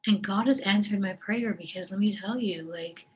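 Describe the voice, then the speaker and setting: A woman in a personal video diary, tearful and crying as she talks, halting and soft, often dropping to a breathy whisper. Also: medium pitch, slight background noise, low-quality recording. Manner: slow, hesitant delivery with long pauses. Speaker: vlogger sharing her faith.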